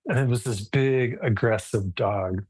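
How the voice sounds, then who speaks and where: A man teaching a relaxed live yoga class online, talking casually and thoughtfully, with frequent restarts. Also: mid-range voice, unhurried, husky, dry recording, poor audio.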